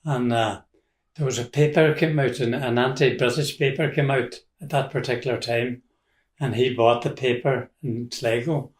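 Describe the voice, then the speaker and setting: In an echoey room, an older interviewee with a Donegal accent chats casually through meandering family stories, breaking into chuckles and restarting himself. His mid-range voice keeps fairly even intonation at a normal speed.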